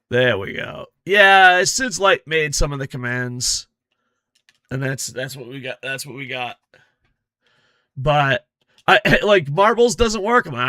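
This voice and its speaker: A man's voice: on the high side, expressive, unhurried, bright, forceful tone, dry recording, clean studio sound. A man streaming a football game, chatting casually with lots of swearing and grumbling about his stream tech. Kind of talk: casual gameplay chat.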